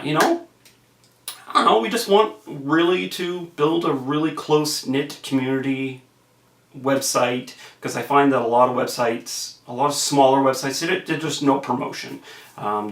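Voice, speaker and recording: A man's voice: medium pitch, sharp tone. A man giving a casual, rambling film review to camera, offhand and profane. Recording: roomy echo.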